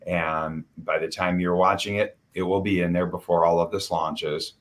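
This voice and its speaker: A man hosting a casual interview, emotional and halting, restarting his sentences. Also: low voice, fairly even intonation. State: choked up. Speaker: podcast host.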